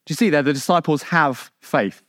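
A man from England preaching a sermon in a conversational way, with rhetorical questions and asides, building to emphatic peaks and then dropping low. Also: fairly quick, a bit bright, no room sound, studio quality.

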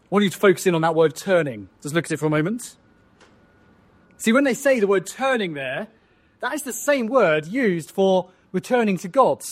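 Preaching to his congregation in a voice that sits high for a man, a preacher walks through the text verse by verse. He often closes his points with rhetorical questions.

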